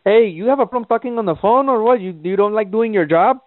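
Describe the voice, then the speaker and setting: A man's voice: high-pitched, fast talker. A man making a prank call, belligerent and swearing, speaking broken English over a tinny phone line. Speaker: prank caller.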